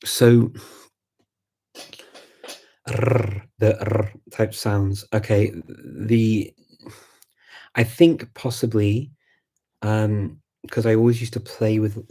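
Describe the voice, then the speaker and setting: Scouse guy chatting live with viewers, flat low-ish husky voice, lots of ums. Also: takes it slowly. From Liverpool, England. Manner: relaxed, thinking aloud with many ums and restarts. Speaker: host of a live language chat. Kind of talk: casual live chat answering viewer questions.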